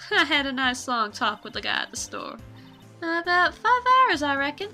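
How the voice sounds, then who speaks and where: A woman voicing a loud, excitable young female photographer in a game, with a folksy country drawl. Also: high-pitched, brisk, faint music behind, voice pushed up, exaggerated voice. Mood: brash.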